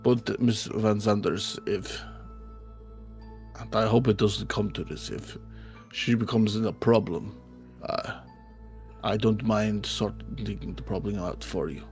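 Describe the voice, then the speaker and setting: A man voicing a solemn, protective bodyguard in a tabletop game, speaking quietly. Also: fairly low pitch, fairly even intonation, slow, faint music behind. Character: loyal, grave male bodyguard knight.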